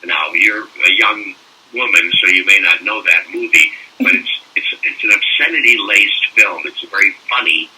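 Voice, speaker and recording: An older man, a voice actor, telling animated anecdotes in a casual interview and slipping into mock French-accent bits. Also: low voice, normal speed, husky. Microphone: phone call. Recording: distant phone-call audio.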